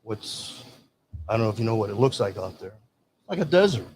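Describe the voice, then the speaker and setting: A man's voice: on the low side, sing-song, a little fast. Older man, veteran guest, rambling anecdotes, light background noise. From Michigan. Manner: rambling storyteller, acts out quoted dialogue. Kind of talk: casual storytelling.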